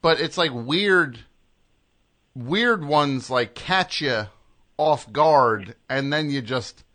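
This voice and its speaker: Brief: male radio host, mid-pitched, conversational, emphatic with restarts. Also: expressive, slow pace, sharp tone. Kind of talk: casual call-in chat.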